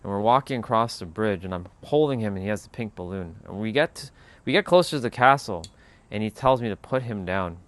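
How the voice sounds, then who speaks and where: A man with a lowish voice, talking a little fast, hosts a spiritual livestream and tells a personal story. It comes out relaxed and rambling, full of "like."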